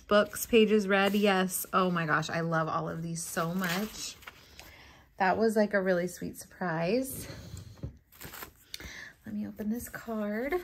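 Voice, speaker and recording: A young woman chatting casually as she unboxes mail, gushing and excitable, with frequent gasps and exclamations. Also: fairly low pitch, slight background noise. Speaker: stationery vlogger.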